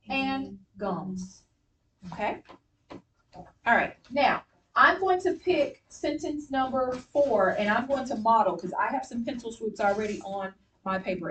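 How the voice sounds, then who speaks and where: A woman teaching a classroom reading lesson, encouraging and clear as she gives instructions. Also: mid-range voice. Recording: distant mic with faint noise.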